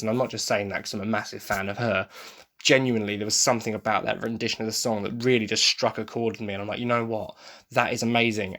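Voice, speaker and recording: A man's voice: on the low side, fairly bright tone. Rambling, gushing English man. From England. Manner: enthusiastic, rambling fanboy gushing. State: tired. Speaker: podcast host. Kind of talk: casual solo podcast review.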